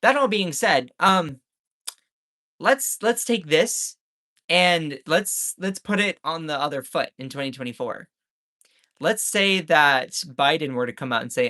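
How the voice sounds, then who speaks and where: A man's voice: on the high side, lively intonation, unhurried, pushed and bright. A man from the States, ranting sarcastically in live-stream commentary. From Southern United States. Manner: sarcastic, mocking.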